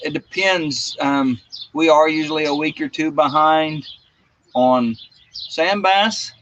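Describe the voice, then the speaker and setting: A man chatting casually on a live stream, halting and restarting his sentences. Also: fairly high pitch, a bit bright. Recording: lo-fi stream with background noise.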